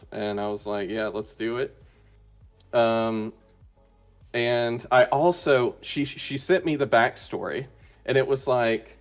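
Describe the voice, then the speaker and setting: A man of middle pitch chatting as an interview guest. He hesitates constantly, piling up ums, uhs and restarts as he goes. Faint music plays behind him. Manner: hesitant, many fillers and restarts. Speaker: interview guest, roleplay player. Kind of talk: casual chat.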